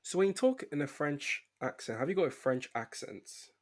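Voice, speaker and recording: A man's voice: fairly high pitch, lively intonation, moderate pace. A young British man hosting a podcast in casual chat, joking and laughing loosely. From Britain. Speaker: podcast host.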